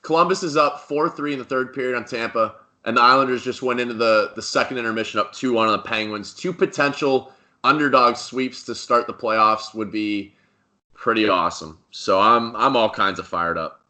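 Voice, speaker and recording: A young man co-hosting a casual sports podcast, talking excitably and rambling through restarts. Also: mid-range voice, normal speed. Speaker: podcast co-host.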